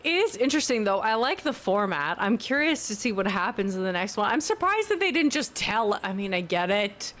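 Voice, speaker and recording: A woman's voice: mid-range voice, big pitch swings, a little fast, few pauses, fairly bright tone. A young woman streaming from home, chatting casually with her chat in a rambling, giggly way that keeps correcting itself. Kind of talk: casual livestream chat, reacting to chat. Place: home, newly moved in.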